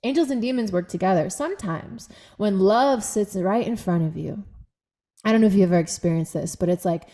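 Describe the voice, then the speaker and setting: A woman talks as a podcast guest, telling personal stories with lots of expression and frequent laughter. She acts out the voices in her head as she goes. Her voice sits at a middle pitch. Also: fairly quick, dark tone. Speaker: guest, movement practitioner. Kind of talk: conversational podcast interview.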